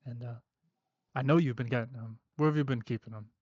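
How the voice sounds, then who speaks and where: A man voicing a menacing male debt-collector warlock with an Australian accent, who makes calm threats and keeps saying mate. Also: mid-range voice, fast, no room sound, lo-fi sound, close to an everyday voice.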